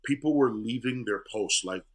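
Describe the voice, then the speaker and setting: A middle-aged male comedian telling stories in a casual interview, animated and acting out voices. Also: medium pitch, moderate pace. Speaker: comedian guest.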